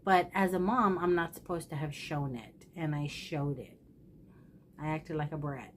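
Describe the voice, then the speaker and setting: A woman's voice: low-pitched, moderate pace, a little hiss or hum. A woman vlogger talking casually to camera, candid, emotional and self-deprecating, addressing her viewers directly. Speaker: thrift haul vlogger. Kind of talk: casual confessional chat to camera.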